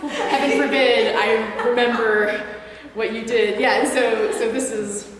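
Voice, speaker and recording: A woman's voice: a little high, fairly even intonation, a little slow, a little hiss or hum. Joking woman, far off in an echoey hall. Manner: joking, playful interjections. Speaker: musician performing live. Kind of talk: casual stage banter. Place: live concert venue with audience.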